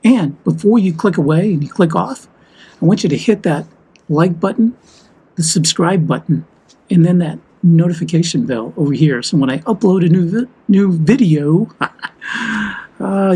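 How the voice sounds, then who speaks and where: A man's voice: on the high side, animated, moderate pace, warm tone, husky, rough recording. A man from the United States talking heatedly and emphatically in a walk-and-talk vlog. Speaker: vlogger.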